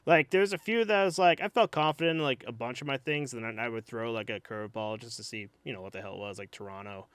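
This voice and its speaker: A man co-hosting a sports podcast, talking in a loose, rambling way full of hesitations and restarts. His voice is smooth and clear at an ordinary pitch, and the sound is dry and close. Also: fast, fairly bright tone, no echo. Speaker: podcast co-host. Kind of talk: casual sports chat.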